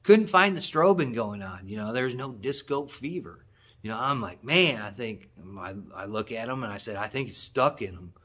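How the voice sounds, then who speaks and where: A man hosting a hunting channel, telling a story to the camera in a rambling, excitable way, with laughs and restarts. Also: mid-range voice, normal speed.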